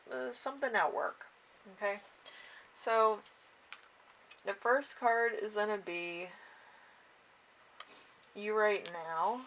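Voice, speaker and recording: A woman giving a casual tarot reading, halting with fillers and small laughs. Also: fairly low pitch, a bit bright, slight background noise. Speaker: tarot reader.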